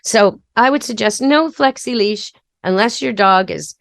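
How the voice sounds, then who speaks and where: A woman's voice: medium pitch, measured pace, gravelly, fairly bright tone, dry recording, clean studio sound. A woman pet expert hosting a podcast, giving practical, step-by-step training advice in a chatty, casual way. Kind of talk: casual instructional talk.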